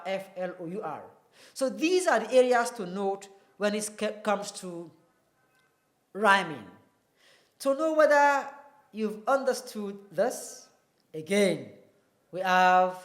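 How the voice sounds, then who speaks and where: A teacher explaining pronunciation, talking slowly and deliberately, repeating and spelling words out. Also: medium pitch, animated. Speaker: English teacher. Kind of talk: classroom-style explanation.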